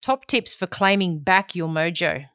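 A woman's voice: lowish voice, measured pace, fairly bright tone, smooth, dry recording, studio quality. A woman hosting a podcast interview, chatty and upbeat, often trailing off mid-sentence. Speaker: podcast host. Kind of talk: casual interview chat.

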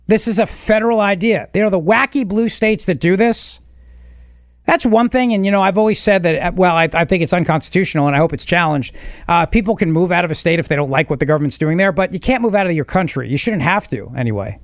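A man hosting a talk radio show, joking and bantering with quick asides. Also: high-pitched, no room sound, clean studio sound. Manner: animated, joking, rapid asides. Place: radio studio. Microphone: studio mic.

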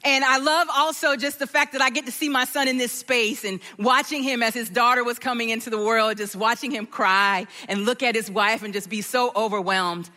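A middle-aged woman gives an animated talk in a church auditorium. Her voice sits high and sounds bright and lively. She speaks with open enthusiasm and laughs often. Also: fairly quick, few pauses, in a large hall. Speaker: guest speaker. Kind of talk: sermon talk.

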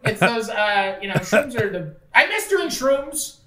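A man's voice: very high-pitched, very animated, a little slow, echoey room, far from the mic, over a noisy crowd. A man from the Niagara region of Ontario, telling long rambling stories with lots of filler words and swearing on a casual podcast. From Niagara region of Ontario, Canada. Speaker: podcast host.

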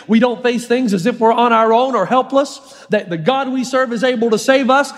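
A male pastor preaching a sermon, telling the story lively with jokes and acted-out voices. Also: extremely high pitch, a little fast, few pauses, long reverb tail.

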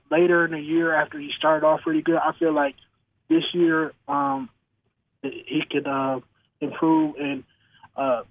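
A man calling in to a sports radio show, talking haltingly with many pauses and restarts. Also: on the high side. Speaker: caller. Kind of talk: call-in sports talk. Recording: muffled phone line.

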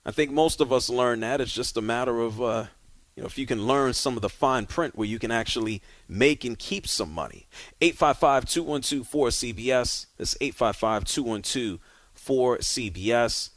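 A man hosting a sports talk radio show, speaking casually and directly and moving callers along briskly. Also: medium pitch, animated, dry recording.

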